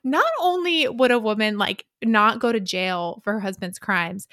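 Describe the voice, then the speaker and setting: A young woman co-hosting a casual podcast. She laughs easily and explains things with lots of filler words, at a mid pitch. The sound is dry and close, with no room around it. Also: normal speed, fairly bright tone, no echo. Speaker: podcast co-host. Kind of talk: casual book recap chat.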